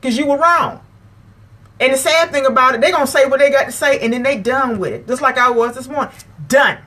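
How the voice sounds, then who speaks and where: A woman's voice: sits high, brisk, fairly bright tone. A woman, hosting her own channel and lecturing her viewers, emphatic and repeating phrases to drive her point home. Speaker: vlog host. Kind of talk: preachy advice talk to camera.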